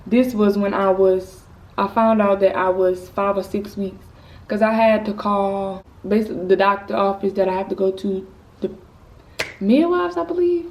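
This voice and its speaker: Teen girl rambling thru a storytime vlog, mellow voice, kinda far from the mic. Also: medium pitch, flat delivery, moderate pace. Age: teens. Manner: casual, rambling, candid. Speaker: vlogger. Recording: slightly distant mic with faint noise.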